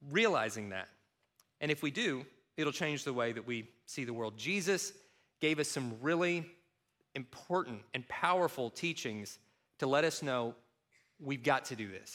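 A middle-aged man from Kentucky preaching a sermon, mixing funny personal stories with scripture. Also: a little high. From Kentucky, USA. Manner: animated, self-mocking humor with quoted voices. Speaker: pastor. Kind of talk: sermon with storytelling.

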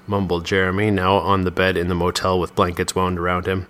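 A man narrating a serialized story with steady, expressive storytelling. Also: low voice, fairly quick, few pauses, soft background music.

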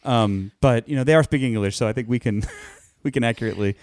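A chatty man co-hosts a casual film review, talking loosely and pausing often to find his words. His voice sits in an ordinary middle pitch, recorded close and dry with no room sound. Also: darkish tone, no echo. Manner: chatty, hesitant with many ums. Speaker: podcast co-host reviewing films. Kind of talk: casual chat.

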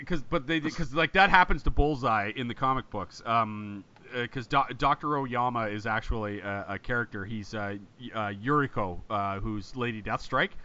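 A man co-hosting a podcast, talking fast and rambling, often swearing and laughing. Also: mid-range voice, pushed and bright, clear, resonant tone, muffled recording. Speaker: podcast co-host. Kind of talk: casual chat.

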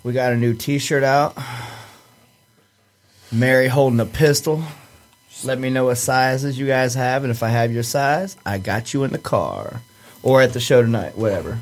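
A man co-running a clothing company, joking around as a podcast guest in casual banter. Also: moderate pace. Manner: joking, relaxed, hammy pitch.

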